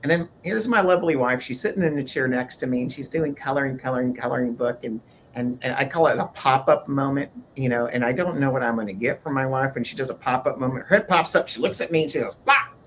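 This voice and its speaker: Halting man co-hosting a chat show. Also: medium pitch, a little hiss or hum. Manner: halting, repeats words and fillers. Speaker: podcast co-host. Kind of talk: casual conversational chat.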